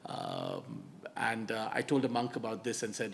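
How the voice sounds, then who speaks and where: Animated male storyteller giving a talk. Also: lowish voice, moderate pace, creaky, a little hiss or hum. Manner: animated storyteller, drops to soft asides. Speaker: author and speaker.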